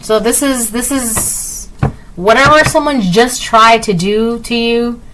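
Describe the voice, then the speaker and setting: A woman's voice: a little high, takes it slowly, noisy background. Rambling, breezy woman tarot reader. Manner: rambling, full of "like" and "right?"; breezy and dismissive, repeats "blah, blah". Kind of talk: casual tarot reading to camera.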